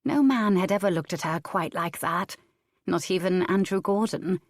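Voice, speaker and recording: A woman narrating a historical romance audiobook in an even, measured storytelling manner. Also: fairly low pitch, no echo, studio quality. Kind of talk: scripted narration.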